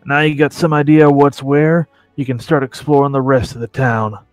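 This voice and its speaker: A man's voice: medium pitch, steady tone, normal speed, no echo, close to an everyday voice. A man voicing a kindly old male harbor guide with a homely drawl, with faint music behind. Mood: folksy.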